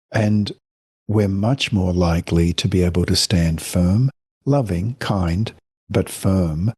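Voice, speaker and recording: Low husky man, gentle and reflective. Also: no echo, clean studio sound. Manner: reflective, gentle, explains with examples. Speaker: guest, family counselor and author. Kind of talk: podcast interview.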